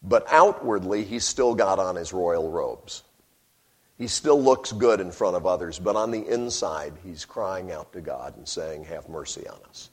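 A man's voice: sits low, a little slow, slightly rough. A man preaching a sermon, telling stories wryly and breaking into emphatic bursts. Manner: animated, wry storytelling with sudden emphatic bursts.

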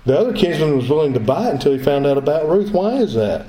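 A man's voice: on the high side, lively intonation, fast talker, hardly any pauses, mellow. A male pastor preaching a sermon, emphatic, repeating his phrases as he builds his point. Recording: echoey room.

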